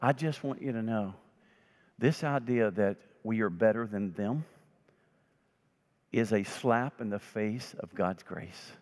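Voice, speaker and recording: A man's voice: on the low side, takes it slowly, pauses often, darkish tone. A man preaching a sermon as pastor, telling stories and voicing the people in them. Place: church sanctuary. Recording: long reverb of a church sanctuary.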